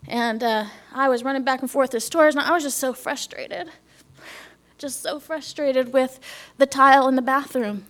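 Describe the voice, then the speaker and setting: Woman, middle-aged, slightly high voice; heartfelt church testimony, hushed at times, talks straight to the congregation. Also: moderate pace. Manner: earnest, drops to a whisper, asks the audience questions. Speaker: speaker giving a church testimony.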